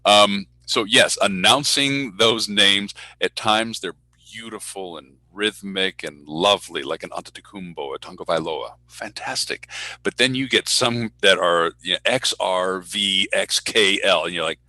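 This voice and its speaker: A man's voice: deep voice, unhurried, no room sound, poor audio. A man who works as a public address announcer, telling stories in a casual online Q&A and acting out the voices in his anecdotes. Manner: animated storyteller who acts out voices in anecdotes. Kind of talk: casual talk in an online speaker Q&A. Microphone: video call.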